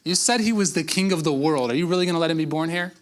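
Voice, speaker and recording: A man's voice: a little high, fast, natural voice. A man preaching a sermon, voicing Joseph as an exasperated young husband pleading with God.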